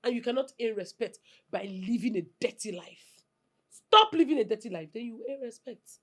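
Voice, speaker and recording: A woman's voice: a little high, lively intonation, moderate pace, a bit bright. An actress playing an angry wife with a Nigerian accent, sarcastic and scolding her husband.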